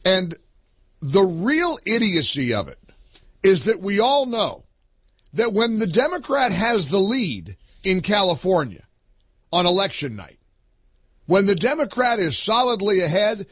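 A male commentator delivers a mocking opinion monologue in a husky voice that swings high and wide. He speaks at an unhurried pace, with his voice sounding close and dry. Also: no echo. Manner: sarcastic, mocking, animated. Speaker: political commentator.

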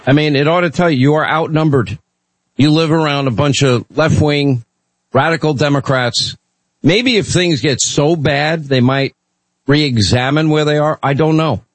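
A man's voice: mid-range voice, no room sound, poor audio. Blunt opinionated talk radio host, man. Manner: blunt, opinionated, bantering with callers.

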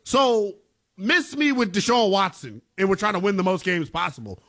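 A man's voice: high voice, animated, moderate pace, a bit bright. A man co-hosting a sports talk show, arguing his takes in a slangy, emphatic way. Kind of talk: casual sports debate.

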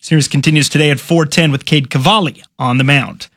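Radio sportscaster, man, fairly high voice, dry close sound, brisk and upbeat. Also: fairly even intonation, fairly bright tone, no room sound. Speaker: sports reporter.

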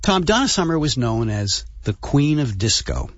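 A man's voice: mid-range voice, sing-song, moderate pace, dry recording, lo-fi sound. A man co-hosting a radio show, reading setups and chatting in an easygoing way. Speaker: radio co-host. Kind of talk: casual chat and scripted setups.

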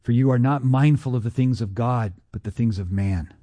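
A man voicing Jesus as he quotes scripture in a low, measured tone during a sermon. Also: dark tone, no room sound, lightly acted. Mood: solemn. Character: Jesus, a grave, solemn grown man.

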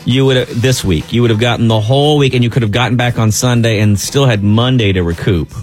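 A man's voice: mid-range voice, fast talker, soft background music. A man co-hosting a casual talk show who teases his friend with sarcasm. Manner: teasing, sarcastic. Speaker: co-host. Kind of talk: casual banter.

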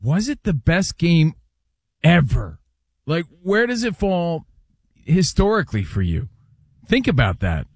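A man co-hosting a sports radio show, with a voice that swings widely in pitch. He sounds close and dry in the studio and argues his points with lively energy. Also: unhurried, pauses often, breathy edge, no echo. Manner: lively, argumentative.

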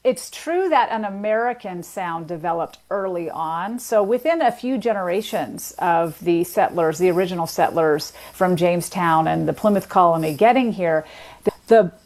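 A woman speaking as a linguist guest, explaining in a measured conversational way with the odd filler. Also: fairly low pitch, animated, darkish tone.

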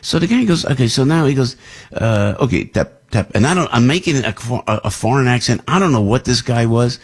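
A man hosting a radio talk show who tells a rambling, animated story with many restarts. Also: mid-range voice, fairly quick, breathy edge. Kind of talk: casual storytelling chat.

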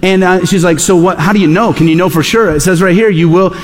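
A middle-aged pastor preaches in an easy, conversational way, slipping into the voices of the people he quotes. His voice sits a little high for a man. The sound rings with the long reverb of a large church sanctuary. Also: fast. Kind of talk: sermon.

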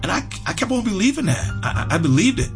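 A man's voice: high-pitched, big pitch swings, fast, music in the background. Earnest man telling a family story. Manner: earnest, heartfelt, with many fillers and repeats. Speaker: interview guest. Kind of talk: personal storytelling.

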